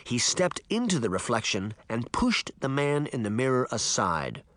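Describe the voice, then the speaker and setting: Male audiobook narrator, animated intonation, dry studio sound. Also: medium pitch, normal speed, no echo. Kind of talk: scripted storybook narration.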